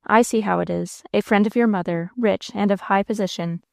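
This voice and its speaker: A woman's voice: mid-range voice, brisk, creaky, a little mellow, dry recording, clean studio sound, lightly acted. A woman voicing an ardent, devoted young man, speaking in a pleading, emphatic way in a storybook reading. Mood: indignant, resolute.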